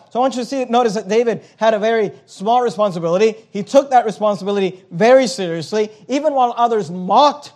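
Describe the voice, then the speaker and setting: A man with a high voice delivers a sermon. He reads scripture aloud and explains it with steady, earnest emphasis. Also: a little fast, hardly any pauses. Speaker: pastor.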